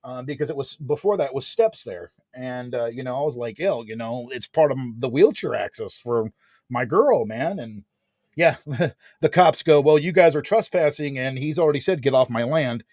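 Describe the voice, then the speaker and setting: A man in his forties telling a story in a casual chat, animated and slangy, peppering his talk with filler words. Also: medium pitch, normal speed, no echo. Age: 40s.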